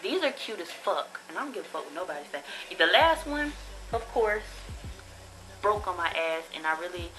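A woman's voice: lowish voice, expressive, fairly quick, a bit bright, poor audio. A young woman, chatting casually and bluntly, with plenty of profanity, while she reviews a haul of cheap jewelry. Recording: music playing behind the voice.

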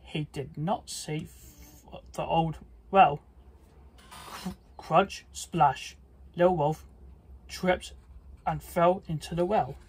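Very husky, slow storybook reader. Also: medium pitch, fairly even intonation, darkish tone. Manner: slow, halting with small slips. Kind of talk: children's read-aloud.

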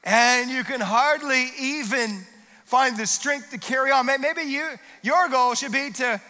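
A pastor preaching a sermon with energetic delivery that builds into shouted declarations, recorded in a church auditorium. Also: male voice, very high-pitched, measured pace, big-room sound.

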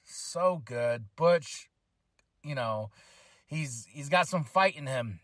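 A man hosting a solo podcast, recapping a wrestling show in a casual, excitable way and acting out quotes with lots of fillers. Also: on the high side, slow, no room sound, clean studio sound. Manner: excitable, chatty, acts out quotes. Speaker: podcast host.

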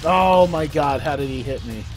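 A man's voice: a little high, normal speed, faint music behind. A man streaming a wrestling video game, giving live commentary full of swearing and exasperated rants at the game. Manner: profane, exasperated ranting at the game.

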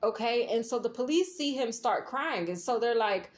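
A woman's voice: a little high, animated, normal speed. Rambling woman doing a tarot reading. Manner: rambling, checks in often with "okay?" and "right?". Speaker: tarot reader. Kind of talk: casual tarot reading and dream storytelling.

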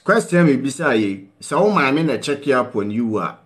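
Sing-song and mid-range at normal speed, a Ghanaian-accented man hosts a call-in talk show. Earnest and pleading, he offers advice in a mix of Twi and English, constantly prodding viewers with "What you say?".

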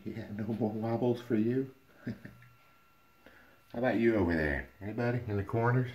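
A man's voice: fairly low pitch, a little slow, a little mellow. A man breeding dogs, talking casually to puppies on a home video and cooing at them playfully, sometimes in a whisper. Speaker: dog breeder. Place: indoor room at home.

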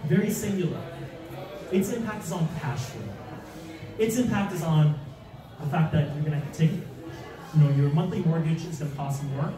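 A man giving an animated real estate seminar with slides, asking the audience rhetorical questions and acting out mock panic. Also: fairly high pitch. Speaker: real estate investing speaker. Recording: echoey room, distant mic, audience.

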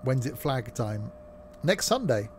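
A man's voice: mid-range voice, sing-song, unhurried, background noise. A man streaming a train simulator, chatting casually and joking with his viewers as he drives. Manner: joking, chatty, banters with chat. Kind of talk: casual live-stream chat while playing.

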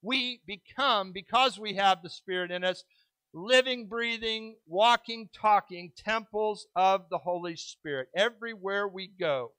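A middle-aged man preaching a sermon as pastor, stressing key words with slow stretched phrases and pauses, then slipping into quick, self-mocking asides. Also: sits high, sharp tone, no room sound. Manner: drops into quick asides and self-deprecating humor.

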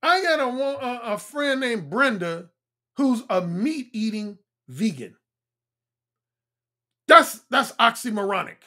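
A man in his fifties, a dating coach talking bluntly on a livestream, repeating his points and swinging between a high throaty tone and a deep resonant one. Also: big pitch swings, takes it slowly, long pauses, pushed and bright. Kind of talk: livestream talk.

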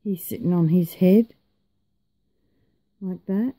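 A woman's voice: fairly low pitch, takes it slowly, warm tone. A tired woman vlogger in casual, rambling chat, joking at her own expense and yawning now and then. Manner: chatty, rambling, self-mocking.

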